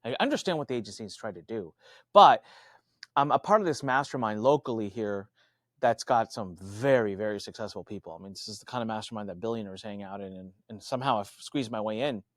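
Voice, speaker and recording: A man speaking as a podcast guest, telling stories in an animated, conversational way and acting out other people's voices. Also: fairly quick, dry recording, clean studio sound. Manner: animated, acts out quoted voices with big pitch jumps. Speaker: podcast guest, marketing coach. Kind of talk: conversational storytelling.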